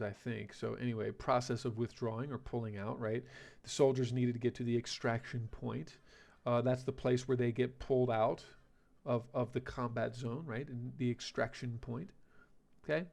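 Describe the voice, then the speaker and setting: A man's voice: medium pitch, steady tone, moderate pace, gravelly, darkish tone. A male teacher giving a vocabulary lesson, rambling and correcting himself, often checking in with "okay?" and "right?".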